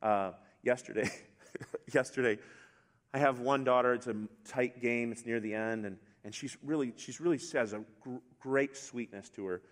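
A middle-aged man preaching a sermon to a congregation, storytelling in a relaxed, conversational way with asides. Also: mid-range voice, moderate pace. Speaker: pastor. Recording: long hall reverb.

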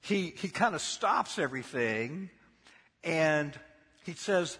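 A man delivers a sermon in a raspy, bright, somewhat high voice. His pitch swings widely as he tells the story and questions his listeners at an unhurried pace. A long hall reverb trails each phrase. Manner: keeps asking the congregation questions; lively storytelling with laughs. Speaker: preacher.

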